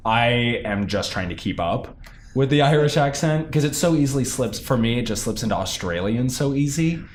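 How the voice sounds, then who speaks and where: A man's voice: mid-range voice, lively intonation, normal speed, slight background noise. A young man, a stage actor, chatting in an interview about his role, talking animatedly with many fillers and restarts. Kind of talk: casual interview.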